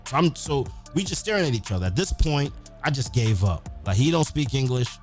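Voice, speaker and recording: A man hosting a podcast, telling stories in a casual, profane, animated way. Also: mid-range voice, fairly quick, faint music behind. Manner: profane, animated, acts out quotes. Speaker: podcast host. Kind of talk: casual storytelling.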